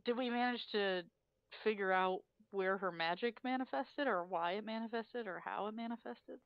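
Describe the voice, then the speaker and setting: A chatty woman talks through her character's plans at a tabletop game in a quick, laughing way. Her mic sounds slightly dull and lo-fi, with a dry, close sound. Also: mid-range voice, no room sound. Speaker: player. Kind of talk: casual in-character play.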